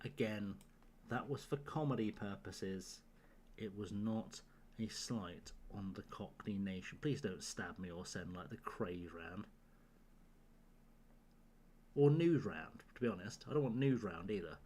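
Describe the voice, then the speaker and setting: A man's voice: fairly low pitch, unhurried, a little mellow, slight background noise. A man chatting casually and tiredly at home on a late-night game stream, joking with his chat and laughing often. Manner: joking banter with chat, frequent laughter, rambling. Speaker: live-streaming gamer.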